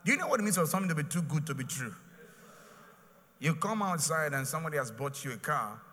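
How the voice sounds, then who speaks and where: A man's voice: fairly high pitch, very animated, fast talker, in a large hall, noisy background. A man with a Nigerian accent preaching a sermon as a pastor, emphatic and repetitive, with pidgin phrases mixed in.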